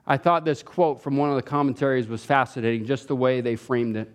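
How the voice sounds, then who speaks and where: A man preaching a sermon, animated and repeating words as he starts phrases, rising in pitch when he voices others' complaints. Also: moderate pace, clear, resonant tone. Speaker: pastor.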